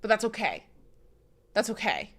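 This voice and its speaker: A woman's voice: mid-range voice, wildly swooping pitch, moderate pace, fairly bright tone. A young woman streamer chatting casually with her live chat, reading comments aloud and rambling with many restarts.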